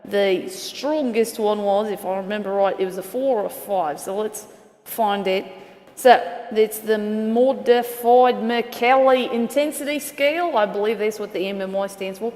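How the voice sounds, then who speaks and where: A woman's voice: medium pitch, a little slow, a little mellow, in a large hall. A woman hosting a casual weather show, rambling as she thinks aloud and corrects herself mid-sentence.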